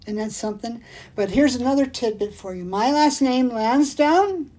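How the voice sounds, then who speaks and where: A woman's voice: fairly high pitch, expressive, moderate pace, warm tone. A woman hosting a casual livestream, chatting in a rambling, digressive way and reading out viewer comments. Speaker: jewelry shop livestream host.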